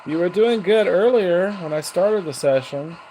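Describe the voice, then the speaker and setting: A man talks casually to unseen spirits, coaxing them with one question after another. His voice sits a little high for a man. A clear hiss of noise runs under everything. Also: normal speed, warm tone, low-quality recording. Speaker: paranormal investigator. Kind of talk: casual ghost box session talk. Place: house, indoors.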